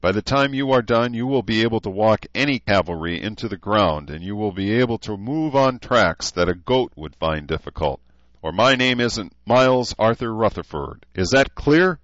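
A man's voice: fairly low pitch, animated, normal speed, fairly bright tone, no room sound, pitched above the performer's own voice. A man voicing a tough older male gunnery sergeant who lectures recruits in a formal, commanding way, on a dull, dry recording.

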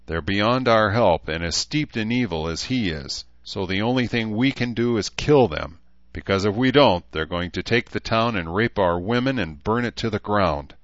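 A man's voice: lowish voice, lively intonation, normal speed, no echo, muffled recording, lightly acted. A man reading the part of a stern baron commander who speaks in tight, clipped, growling tones. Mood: grim.

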